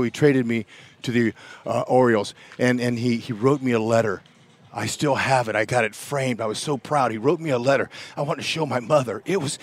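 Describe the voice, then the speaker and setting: A man in his sixties from California, telling animated stories as a guest in a sports interview, folksy and excitable, often tossing in "man". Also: mid-range voice. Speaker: guest broadcaster, former ballplayer.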